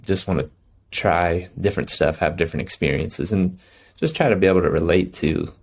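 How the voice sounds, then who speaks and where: A man talking as a hunter guest on a podcast with a very deep voice that is full of gravel and fry. He comes across as earnest and reflective, and he laughs easily as he thinks aloud. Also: brisk. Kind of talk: casual conversation.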